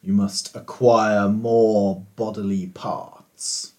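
A man's voice: on the low side, level tone, extremely slow, darkish tone, voice pushed down. A man voicing a haughty, impatient male genie in a tabletop game. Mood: lofty.

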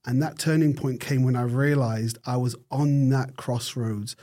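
A middle-aged man from the United Kingdom, a neurosurgeon guest telling his story in an interview with thoughtful pauses and frequent restarts. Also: medium pitch, steady tone, warm tone.

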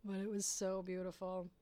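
A woman's voice: medium pitch, no room sound. A woman telling a rambling personal story in a casual way, swearing often and laughing at herself.

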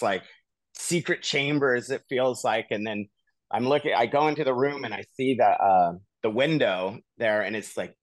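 A man co-hosting a podcast, telling a long personal story in a casual, animated way full of "like" and "you know.". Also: mid-range voice, no echo. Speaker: podcast co-host.

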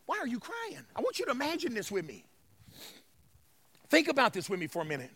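A male pastor preaching a sermon, swinging from shouted declarations to hushed passages and calling out to the congregation. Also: high-pitched, wildly swooping pitch, fast talker, husky. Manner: calls to the congregation, y'all. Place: church sanctuary.

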